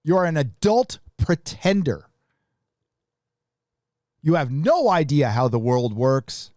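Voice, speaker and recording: A man hosting a live stream, ranting bluntly and profanely in a casual, halting way. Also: fairly high pitch, very animated, a little mellow, dry recording, studio quality. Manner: casual, with restarts.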